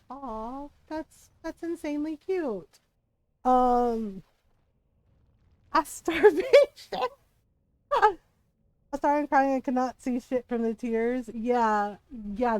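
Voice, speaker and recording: A woman streaming a video game, chatting casually in an animated, gushing way, laughing often and swearing freely. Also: a little high, dry recording, poor audio.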